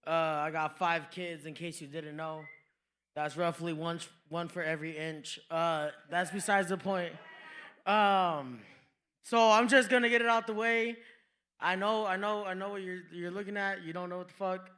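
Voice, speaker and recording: A man's voice: sits high, fairly even intonation, normal speed, pushed and bright, clear, resonant tone. A young man from New Mexico doing a stand-up comedy set on a club stage, telling stories in a laid-back way and slipping into quoted voices. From New Mexico, USA.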